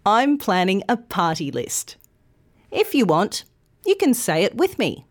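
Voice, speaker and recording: Woman, English teacher, slow careful enunciation, lively melody. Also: medium pitch. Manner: slow, clear, deliberate enunciation. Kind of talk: scripted pronunciation lesson.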